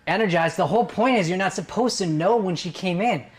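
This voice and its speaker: A man's voice: sits high, a little fast. A man coaching teen actors through a scene, joking and pushing them for energy. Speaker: acting coach.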